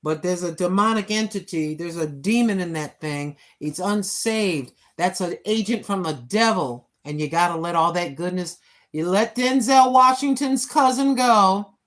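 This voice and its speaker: A woman's voice: fairly low pitch, normal speed, hardly any pauses, poor audio. A woman in her sixties hosting a casual walking livestream, joking and giving repeated playful warnings to her viewers. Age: 60s. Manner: preachy, joking, repetitive warnings. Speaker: walking vlog host. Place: at home indoors.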